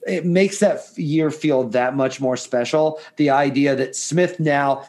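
A middle-aged man in casual sports chat, animated and full of restarts. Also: mid-range voice, normal speed, hardly any pauses. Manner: animated, many restarts and fillers. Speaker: podcast co-host.

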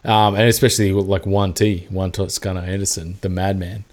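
Australian male podcast co-host, lowish voice, loose and animated, swears freely. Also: moderate pace. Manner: animated, swearing, acts out mock quotes. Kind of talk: casual sports chat.

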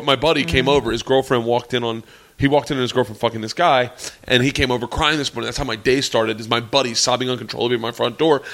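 A man in his forties telling a long comedy story in casual chat, animated and profane, often laughing. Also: mid-range voice. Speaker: comedian guest.

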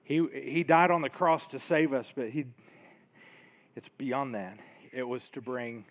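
A pastor, a man out of breath, speaks earnestly and informally as he closes his sermon and leads a prayer. His voice sits at an ordinary pitch for a man. The recording sounds slightly dull. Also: fairly even intonation, unhurried.

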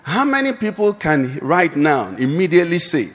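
A man's voice: on the high side, very animated, normal speed, in a large hall. A male pastor preaching a sermon and calling out questions for the congregation to answer. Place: church hall.

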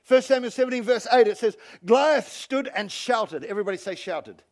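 A male pastor giving an animated sermon and calling on the congregation to respond. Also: extremely high pitch, fairly quick. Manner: animated preaching, calls on the congregation.

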